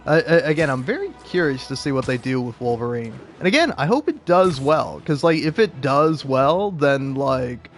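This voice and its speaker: A man's voice: mid-range voice, lively intonation, moderate pace, hardly any pauses, faint music behind. A young man talking casually about video games, rambling with lots of fillers and frequent laughs. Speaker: video game commentator.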